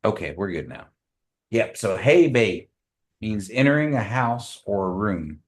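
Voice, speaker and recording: A man teaching a language class, speaking slowly and patiently, repeating phrases for the group. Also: on the low side, big pitch swings.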